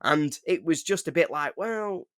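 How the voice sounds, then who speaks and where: A man's voice: on the high side, sing-song, a little fast, a bit bright, no room sound, clean studio sound. An English man co-hosting a football podcast, chatting in a jokey way with mock-indignant rants. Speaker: podcast co-host. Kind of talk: casual chat.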